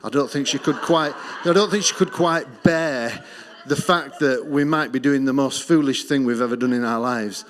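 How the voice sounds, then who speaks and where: A middle-aged Australian man giving a missions testimony in church, telling his story earnestly and dropping low and soft on key lines. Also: normal speed, hardly any pauses, slight background noise. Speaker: missions speaker.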